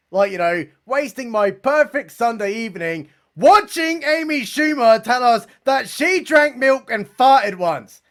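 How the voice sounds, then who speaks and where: A young man with an extremely high-pitched voice reviews a comedy special, sneering and sarcastic, with deadpan asides and casual swearing.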